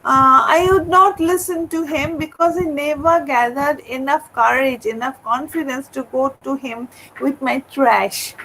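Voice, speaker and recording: High-voiced woman reading her memoir. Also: steady tone, measured pace, sharp tone, low-quality recording. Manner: earnest, with frequent hesitations and restarts. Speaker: poet. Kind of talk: reading a personal memoir aloud in a webinar. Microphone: video call.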